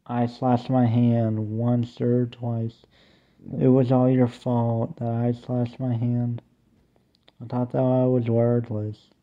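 A young man half sings, half speaks a homemade song, slow and plaintive, his melody mostly flat apart from long drawn-out cries. The sound is thin and tinny, like it was caught on a phone. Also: medium pitch.

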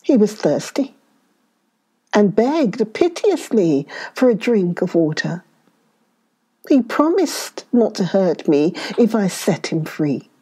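A woman's voice: mid-range voice, mellow, voice pushed up. A woman voicing a frightened old male holy man who begs and stammers in a children's story. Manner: pleading, stammering.

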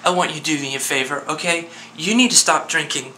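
A man's voice: fairly high pitch, a little fast, background noise, lightly acted. A man playing an earnest, worried friend on the phone. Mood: pleading. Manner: earnest, coaxing, insistent. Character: worried male friend pleading with a despairing man. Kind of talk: one-sided phone call drama.

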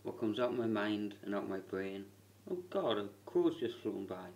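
A man venting into his camera at home, swearing and shouting hard, with a lung problem straining his voice. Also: lively intonation, moderate pace, gravelly, distant mic. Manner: low muttering, then furious screaming rant. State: lung problem, worried about losing voice. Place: bedroom at home, window closed. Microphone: camera in the room.

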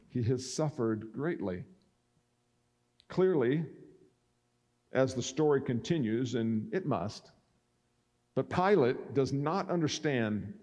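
A man's voice: medium pitch, darkish tone. A male pastor preaching a sermon, reading scripture and acting out the speakers' lines. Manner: expository preaching that acts out speakers' words.

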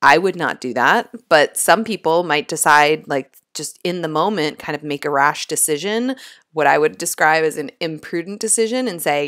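A middle-aged woman teaching vocabulary words, explaining each one clearly with everyday examples. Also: low-pitched, lively intonation, moderate pace, fairly bright tone. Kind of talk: vocabulary lesson.

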